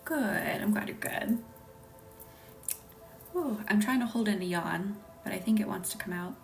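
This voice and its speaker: A woman with a Southern US accent hosting a casual live stream, talking softly, often near a whisper, and laughing easily. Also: mid-range voice, a little slow, vocal fry, distant mic, music in the background. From Southern United States.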